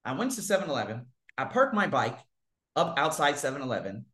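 Profane animated man in an echoey room. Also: fairly quick. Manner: profane, animated, big swings in pitch and loudness. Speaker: vlogger. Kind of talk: casual storytelling monologue.

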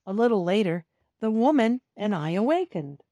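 A woman's voice: medium pitch, no room sound. A woman reading a children's storybook aloud, narrating as a cat in the first person and talking directly to young listeners. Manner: slow, expressive storytelling that talks to young listeners. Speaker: storybook reader.

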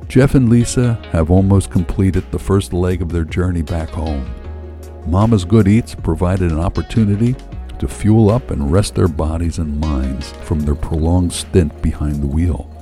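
A man's voice: sits low, moderate pace, dark tone, faint music behind. A man reading a story aloud in a wry, first-person storytelling manner. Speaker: narrator.

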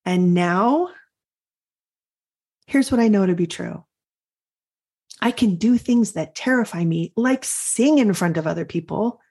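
A middle-aged woman hosting a podcast, telling an earnest personal story in a reflective, confessional way and slowing down to stress her points. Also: medium pitch, expressive, darkish tone, breathy edge. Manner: earnest, confessional, slows for emphasis. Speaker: podcast host and coach.

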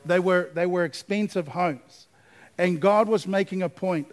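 High-voiced preaching pastor. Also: male voice, measured pace. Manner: preaching with call-and-response asides, building to emphatic repetition. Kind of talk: sermon.

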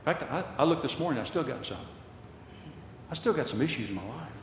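Older male preacher, impassioned sermon, lively rise and fall, big echoey hall with a long tail. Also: mid-range voice, quick pace, slight background noise. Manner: impassioned, repeats phrases for emphasis.

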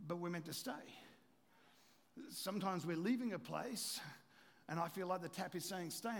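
A man preaching a sermon as pastor, emphatic and full of rhetorical questions, dropping to a quiet voice for stories. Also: high-pitched, in a large hall.

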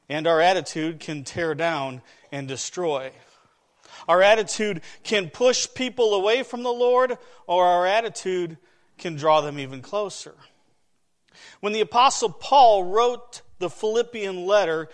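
A man preaching a sermon, opening with a joke story and then teaching earnestly from scripture. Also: sits high.

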